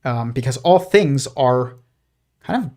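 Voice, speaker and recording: A man's voice: medium pitch, expressive, unhurried, a little mellow. Argumentative man hosting a live stream. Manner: rambling, with frequent restarts and fillers; argumentative, dismissive. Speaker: host.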